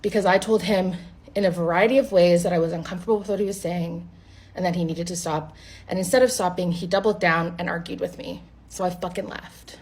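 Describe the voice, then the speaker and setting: A woman's voice: on the low side, steady tone, a little fast, a little mellow, husky. A woman casually recounting a bad date to the camera, blunt and exasperated, swearing freely. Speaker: storyteller.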